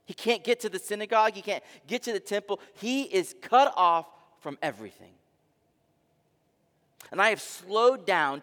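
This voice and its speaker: A man pastor preaching a dramatic sermon, with rhetorical questions and swings between soft and loud delivery. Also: sits high. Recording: long reverb of a large hall.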